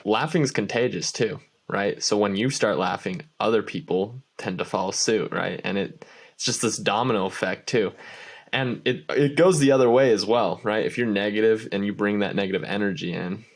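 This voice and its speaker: A man hosting a podcast interview, relaxed and agreeable, laughing along with his guest. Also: fairly low pitch, normal speed. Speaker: podcast host. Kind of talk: casual interview chat.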